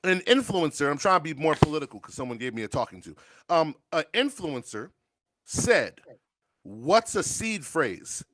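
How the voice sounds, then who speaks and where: A man's voice: fairly high pitch, sing-song, a little fast, background noise. A man hosting a show, talking in casual, profane, joking rants. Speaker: show host. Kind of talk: casual podcast banter.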